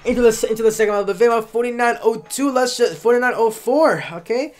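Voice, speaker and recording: A man's voice: extremely high pitch, fast talker. Chatty man commentating his own gameplay. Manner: chatty, self-correcting, talks through each move. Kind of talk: casual live gameplay commentary.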